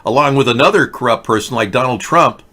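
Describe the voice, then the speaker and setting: A man's voice: mid-range voice, quick pace, bright, forceful tone. A man hosting a livestream political rant, sarcastic, mocking and rambling as he talks to his chat. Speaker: host.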